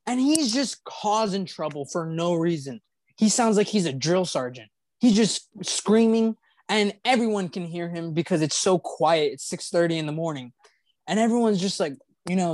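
A man's voice: high voice, animated, normal speed, no echo. A young man hosting a podcast, telling a story casually with many fillers and restarts. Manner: rambling, filler-heavy, laughing retelling. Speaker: podcast host.

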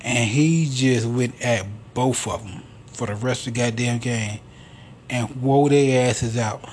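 A man's voice: medium pitch, a little slow, a little mellow, a little hiss or hum. A man hosting a podcast alone, telling stories in a rambling, profane, casual way. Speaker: podcast host. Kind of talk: casual solo monologue.

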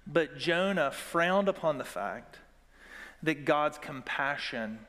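A man's voice: fairly high pitch, animated, slow, a bit bright. A man preaching a sermon as pastor, earnest, drawing the congregation into call-and-response. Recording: long hall reverb.

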